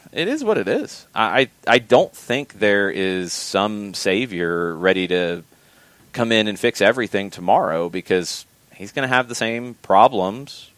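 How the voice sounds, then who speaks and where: On a casual podcast, a man with a very low voice works through soccer talking points, measured in delivery and often restarting phrases mid-thought. His tone is a bit bright, and the recording is close and dry with no room echo.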